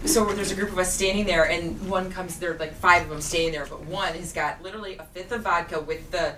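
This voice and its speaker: A woman speaking from a distance tells a rambling story in a casual chat. The room echoes, and loud noise sits behind her voice. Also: fairly low pitch, fairly even intonation, quick pace. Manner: chatty, rambling anecdote with fillers. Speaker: mother. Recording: echoey room, from far off, noisy.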